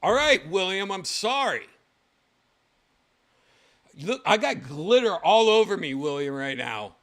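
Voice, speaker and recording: Animated, bright-voiced male streamer. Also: high-pitched, takes it slowly. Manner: excitable, swears freely, loud exclamations. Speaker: show host. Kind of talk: casual livestream commentary.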